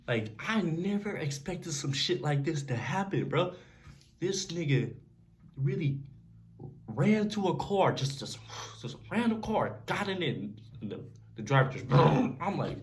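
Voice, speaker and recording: A young man casually telling a story to camera in a slangy, animated way, often checking in with the listener. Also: fairly high pitch, measured pace. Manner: animated, slangy storytelling with frequent "you feel me". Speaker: vlogger.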